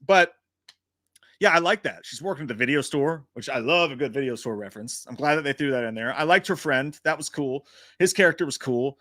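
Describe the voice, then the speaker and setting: A man's voice: medium pitch, brisk, no room sound, clean studio sound. A man hosting a casual livestream, talking in a loose, profane way and answering chat comments. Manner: profane, animated storytelling. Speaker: host.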